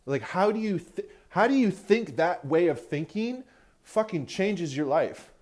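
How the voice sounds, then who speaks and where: A young podcast host rants through a rambling, casual monologue while driving, recorded in his car and swearing constantly. His high voice is expressive and unhurried, with a darkish tone. The delivery is profane and heavy on cursing.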